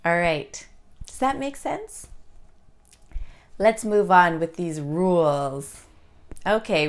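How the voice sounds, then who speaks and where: A woman teaching an English pronunciation lesson, saying each example word slowly and deliberately. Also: medium pitch.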